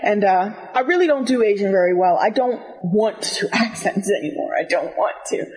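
A woman guest on a casual podcast, telling stories in a candid, animated way. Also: medium pitch, moderate pace, low-quality recording. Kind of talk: casual chat.

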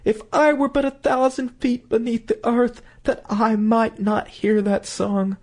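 A man voicing a guilt-stricken wicked stepmother, crying out in shrill panic. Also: very animated, normal speed, a little mellow, breathy edge. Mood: panicked.

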